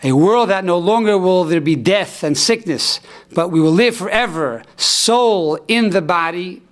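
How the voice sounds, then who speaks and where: A middle-aged man, a rabbi telling a story in a sermon with emphatic, slowing cadences. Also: high voice. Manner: storytelling, rising to emphatic cries and slowing for solemn lines. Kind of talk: sermon on the weekly Torah portion.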